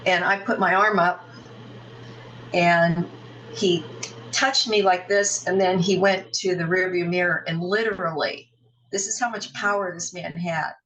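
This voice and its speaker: A middle-aged woman appears as a podcast guest and shares an emotional, frank personal story in vivid detail, acting out what people said and cursing occasionally. Her voice is lowish and fairly bright, but she's far from the mic, with slight background noise and low-quality audio.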